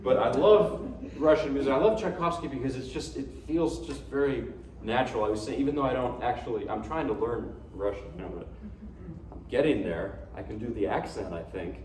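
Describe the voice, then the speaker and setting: A man's voice: medium pitch, brisk, darkish tone. A man introducing his pieces at a piano recital, chatty, rambling and poking fun at himself. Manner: rambling, chatty and self-deprecating. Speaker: pianist giving a recital. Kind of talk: casual spoken introduction between pieces. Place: recital hall. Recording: echoey hall, distant mic, faint noise.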